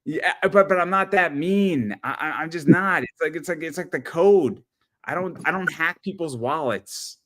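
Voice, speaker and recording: A man hosting a casual podcast chat, rambling and animated, often repeating words as he tells stories. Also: a little high, normal speed. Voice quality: rambling, animated storyteller with frequent stammered repeats. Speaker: podcast host.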